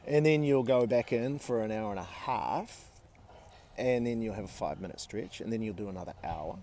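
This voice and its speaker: A man's voice: fairly low pitch, lively intonation, moderate pace, warm tone, a little hiss or hum. A man in his forties telling a personal story in a casual, candid way, swearing freely and using many fillers. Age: 40s.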